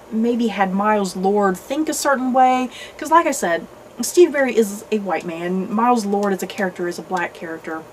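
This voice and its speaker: A woman with a somewhat high voice talks through a book review in a loose, conversational way. She hedges her opinions thoughtfully, restarting sentences and leaning on "you know" as she goes. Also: a little hiss or hum, low-quality recording. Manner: thoughtful, hedging. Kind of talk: casual book review chat.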